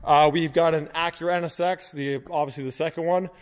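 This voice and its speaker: A man giving a casual walk-through of his car protection shop, relaxed and chatty with lots of "uh" fillers. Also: on the high side, brisk, long reverb tail. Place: large car workshop.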